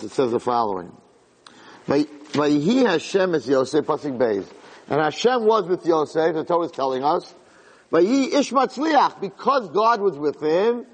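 A man giving an animated Torah class, acting out quoted lines with big swings in his voice. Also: breathy edge. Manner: animated, acts out quotes with big pitch jumps. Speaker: Torah lecturer. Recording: long hall reverb.

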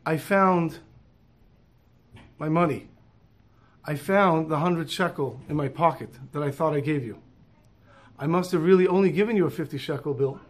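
A man's voice: on the high side, moderate pace, long pauses, natural voice. A man voicing a stubborn male bus passenger who insists he got the wrong change. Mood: explaining. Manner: insistent, complaining.

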